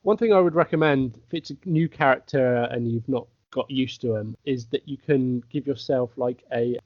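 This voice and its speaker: A man's voice: medium pitch, normal speed, no room sound. A man as a guest in a casual chat about tabletop games, telling stories with laughter and acting out what people said. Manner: storytelling, acts out quotes, laughs between lines. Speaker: podcast guest. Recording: dry, dull lo-fi recording.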